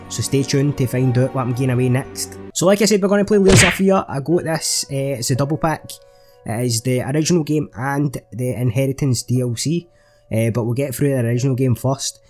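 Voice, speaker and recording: Sweary gamer playing a horror game. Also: male voice, medium pitch. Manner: sweary, jokey, jumpy reactions. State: recovering from a chest infection. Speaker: gaming channel host. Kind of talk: let's play commentary.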